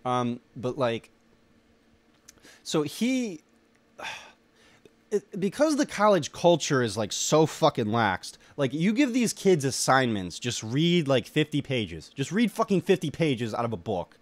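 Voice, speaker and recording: A man's voice: mid-range voice, very animated, slow pace, dry recording. A young man in a rambling solo monologue, ranting with heavy swearing and lots of filler words. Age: young adult. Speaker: solo podcaster.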